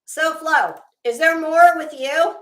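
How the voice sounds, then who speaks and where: Tired, slow-talking woman livestream host. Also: high voice, fairly bright tone, reverberant. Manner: rambling, trails off. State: tired, worn out. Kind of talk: casual livestream chat reading comments.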